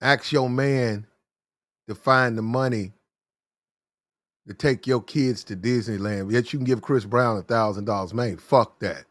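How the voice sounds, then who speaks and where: A man hosting a commentary show, ranting bluntly with profanity, repeating lines for emphasis and getting loud and fast when worked up. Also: medium pitch, fairly even intonation, no echo, clean studio sound. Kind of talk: heated commentary rant.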